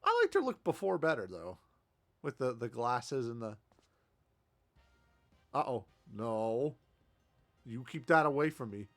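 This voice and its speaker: A man's voice: mid-range voice, huge pitch swings, a little slow, pauses often, a bit bright, faint music behind. A man streaming a game, chatting casually, laughing a lot and poking fun at himself. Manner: chatty, self-deprecating, laughs often. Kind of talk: casual gameplay commentary.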